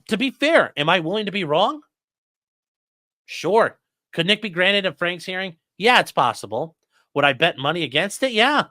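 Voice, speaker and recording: On a studio-quality recording with no echo, a man with a high, sharp-toned voice hosts live legal commentary. He's a lawyer and commentary host whose delivery is blunt, profane, and exasperated, with plenty of swearing.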